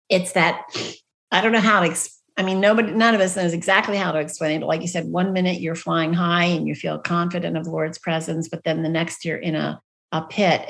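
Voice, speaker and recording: Woman, podcast host, middle-aged, low pitch, reassuring, faith conversation. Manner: warm, reassuring, scripture-quoting.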